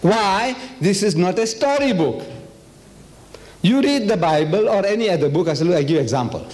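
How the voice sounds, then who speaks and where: A man's voice: sits high, animated, normal speed, darkish tone. A man from Africa, giving a religious lecture in a hall and pressing the audience with rhetorical questions. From South Africa. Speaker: Islamic lecturer.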